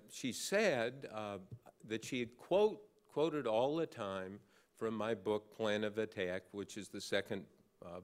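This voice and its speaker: An older man giving an award acceptance speech, telling an anecdote with dry, wry humor. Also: lowish voice. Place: large banquet hall with an audience.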